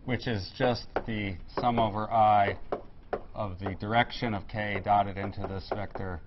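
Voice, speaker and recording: A man's voice: on the low side, fairly even intonation, measured pace, muffled recording, noisy background. A man giving a technical physics lecture, explaining step by step with fillers and restarts. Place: lecture room.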